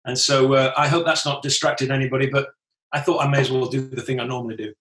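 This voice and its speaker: An English man from England, a guest pastor and author, chatting in a relaxed, friendly way from his office over a video call. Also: medium pitch, quick pace. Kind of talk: casual interview chat. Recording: echoey remote video call.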